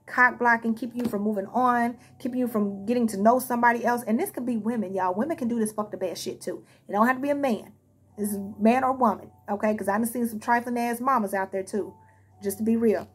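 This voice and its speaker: A woman with a fairly high, husky voice talks straight to her viewers as she gives a casual tarot card reading. She is blunt and heated, and she swears freely. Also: quick pace. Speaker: tarot reader.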